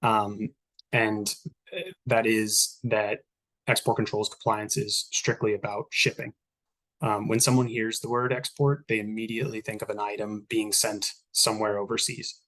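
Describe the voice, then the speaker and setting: A man's voice: fairly low pitch, little pitch movement, moderate pace, a bit bright. A man giving a compliance presentation to campus staff, reading steadily with frequent filler words. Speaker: export controls compliance officer. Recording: recorded online meeting.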